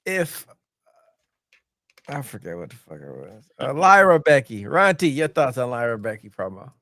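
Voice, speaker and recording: A man hosting a casual wrestling podcast, laid-back, giving shout-outs and moving through segments. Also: medium pitch, very animated, moderate pace, dry recording, clean studio sound. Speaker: podcast host.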